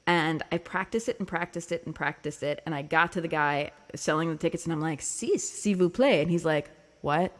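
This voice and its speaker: A woman's voice: sits low, steady tone, fast, hardly any pauses, fairly bright tone. A woman hosting her own music livestream, chatting casually with viewers, laughing often and filling her talk with ums and likes. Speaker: singer-songwriter livestream host.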